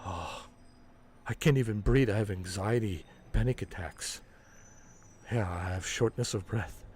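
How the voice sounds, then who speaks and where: A man's voice: lowish voice, measured pace, darkish tone, slight background noise, pitched below the performer's own voice, close to an everyday voice. A man putting on the voice of a whiny, anxious male console fanboy, stammering and breathless as a mocking send-up on a game stream. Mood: panicky.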